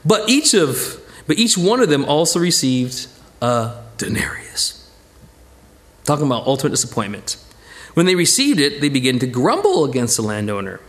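A man's voice: mid-range voice, sing-song, normal speed, fairly bright tone. A man teaching a Bible study from slides, retelling a parable and acting out its characters in quoted voices.

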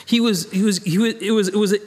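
A man's voice: sits high, fast. A man teaching a verse-by-verse Bible study as a minister, talking conversationally and acting out the quoted lines. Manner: lively, conversational, reads scripture aloud and acts out quoted lines.

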